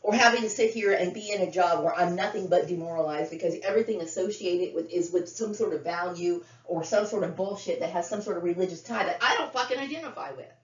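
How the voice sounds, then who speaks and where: A woman's voice: fairly low pitch, fast talker, hardly any pauses. Blunt middle-aged woman ranting, roomy lo-fi. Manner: blunt, profane, repetitive ranting. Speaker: vlogger. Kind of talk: unscripted monologue to camera. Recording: roomy, dull lo-fi sound.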